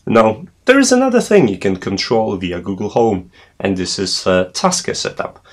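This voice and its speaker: A man's voice: lowish voice, sing-song, normal speed. A man hosting a tech tutorial, explaining a setup step by step with frequent hesitations. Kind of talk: screen walkthrough tutorial.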